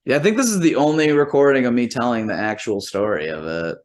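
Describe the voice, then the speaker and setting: A musician and comedian with a medium-pitched, animated voice talks fast while casually telling an anecdote. He rambles and swears, packs in lots of "like" fillers, and quotes people in rough imitation as the story unfolds.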